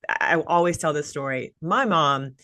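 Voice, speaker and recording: A woman's voice: low voice, normal speed, pushed and bright. A woman in her thirties from the American South, hosting a casual interview and telling stories with many "like" fillers. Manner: chatty storyteller, many "like" fillers. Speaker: podcast host.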